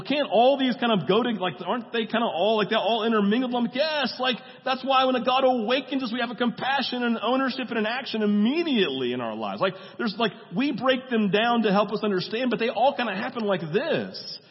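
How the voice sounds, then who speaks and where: A man with a high voice preaches a sermon in a relaxed, conversational way, often checking in with the congregation and briefly voicing scenes he retells. His voice rings with a long hall echo. The sound is dull and muffled. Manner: acts out movie dialogue in quick voices. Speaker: pastor.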